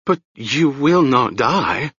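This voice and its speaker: A man voicing a ragged, half-mad old woman with a hoarse, shrill voice and a rambling, fearful way of speaking. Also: sing-song, slow pace, fairly bright tone, dry recording, muffled recording, exaggerated voice. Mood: wild, awed.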